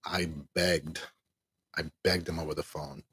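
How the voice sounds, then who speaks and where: A middle-aged man vents on his livestream in a tired, exasperated voice and laughs ruefully as he goes. His voice sits very low and sounds husky. The mic is close and the sound is dry. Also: fairly even intonation, measured pace, a bit bright, dry recording. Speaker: livestream host. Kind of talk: venting on a livestream, reading chat.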